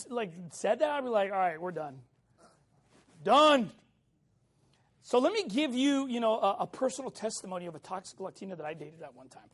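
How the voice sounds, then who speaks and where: With a high-pitched voice, a middle-aged pastor delivers a casual, animated sermon built around a personal story, keeping in touch with his congregation throughout.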